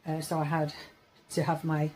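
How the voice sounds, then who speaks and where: Chatty yorkshire-born woman in her 40s, lowish voice, bit of faint hiss behind her, just rambling on to her camera. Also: monotone, normal speed, dark tone, rough recording. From Yorkshire, England. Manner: rambling, chatty, corrects herself as she goes. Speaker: vlogger. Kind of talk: casual chat to camera.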